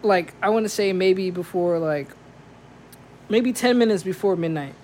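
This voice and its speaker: A man's voice: high voice, normal speed, darkish tone, a little hiss or hum. A man who works as a DJ tells a story in slangy, casual talk, saying "like" a lot.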